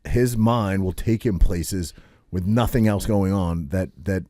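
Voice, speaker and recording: A man's voice: deep voice, a little slow, warm tone, dry recording, clean studio sound. A man co-hosting a podcast in casual chat, arguing his point bluntly and swearing. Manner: blunt, argumentative, swears, trails off with fillers. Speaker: podcast co-host.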